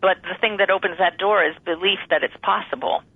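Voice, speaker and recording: A woman's voice: medium pitch, brisk, no room sound. Woman guest on a tinny phone line. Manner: calm, articulate, explains clearly. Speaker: guest medium. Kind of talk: interview conversation.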